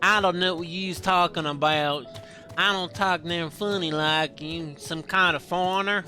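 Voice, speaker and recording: A brash rural Southern guy with a drawl, bristling and mock-indignant, as a streamer puts him on. The voice sits fairly high and comes out slow and drawn out. Game music plays clearly behind him. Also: steady tone, pushed and bright, exaggerated voice.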